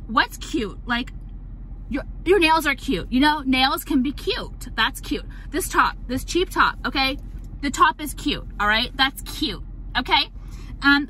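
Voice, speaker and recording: A woman's voice: high-pitched, pushed and bright, a little hiss or hum, rough recording. A woman ranting to camera in a casual vlog, blunt and profane, with lots of filler words. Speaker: vlogger selling her jewelry line.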